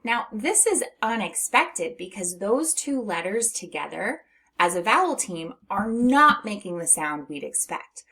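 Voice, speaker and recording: In a sing-song, pushed, bright voice of medium pitch, a middle-aged woman teaches young children phonics. She encourages them patiently, stretches words out slowly, and laughs softly between each step.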